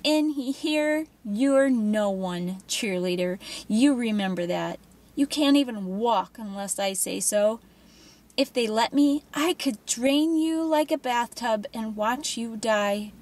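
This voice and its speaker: Woman voicing a cruel teenage girl, sneering, mocking, high-ish voice, unhurried menace. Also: lively intonation, a little mellow. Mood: menacing. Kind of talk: audiobook character voice.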